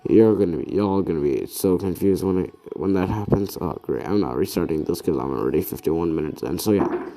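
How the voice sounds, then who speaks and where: A young man improvising a fan story, soft-spoken, rambling, and often correcting himself. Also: deep voice, fairly quick. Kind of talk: improvised fan-fiction narration.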